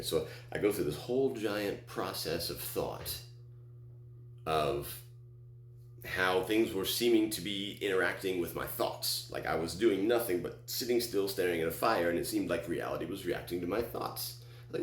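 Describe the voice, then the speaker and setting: Deep-voiced man telling a rambling story. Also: brisk, a bit bright, echoey room, a little hiss or hum. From Texas. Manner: rambling, with many restarts and acted quotes. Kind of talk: personal story told on stage.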